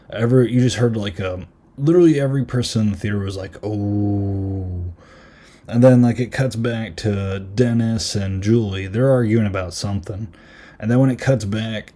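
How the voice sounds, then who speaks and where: Chatty low-voiced man recapping a movie. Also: dark tone. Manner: chatty, lots of "like" and "um". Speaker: podcast host. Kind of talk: casual movie review recap.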